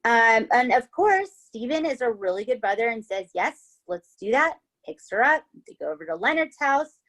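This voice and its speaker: A woman's voice: a little high, big pitch swings, normal speed, a bit bright. Chatty woman podcaster telling a true-crime story. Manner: chatty, swears, tags lines with "right?" and "okay?". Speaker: podcast host.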